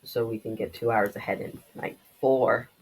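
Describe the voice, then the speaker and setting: A woman's voice: a bass voice, fairly even intonation, normal speed, darkish tone, a little hiss or hum. A young woman giving casual, joking commentary on a video game's story. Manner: joking, chatty asides. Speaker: game lore commentator.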